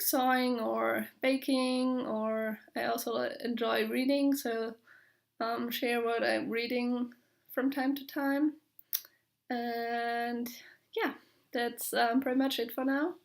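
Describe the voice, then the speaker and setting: A young woman from Germany with a German accent, chatting casually on her podcast, pausing often with fillers and small laughs. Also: on the high side, vocal fry. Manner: hesitant, full of fillers, light laughs. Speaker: podcast host. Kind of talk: casual video podcast chat.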